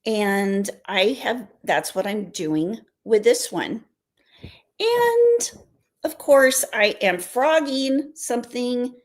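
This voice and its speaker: A woman's voice: on the high side, animated, slow pace. An American woman hosting a casual live stream, chatting in a rambling way and answering viewer comments. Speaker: livestream host.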